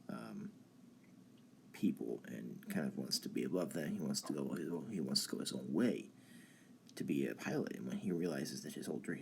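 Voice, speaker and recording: A young man with an extremely low voice and a gravelly fry, talking casually and haltingly as a stream host. He fills his pauses with ums and starts his sentences over and over. A faint hiss sits under the voice. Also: darkish tone. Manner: halting, many ums and restarts. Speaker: channel host. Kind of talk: casual philosophy talk on a live stream.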